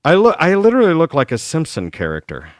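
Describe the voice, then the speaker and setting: Lively man in his fifties reminiscing. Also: a little high, fast talker, no room sound, studio quality. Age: 50s. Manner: animated, reminiscing storyteller. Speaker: talk show host. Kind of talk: live talk show chat with a caller.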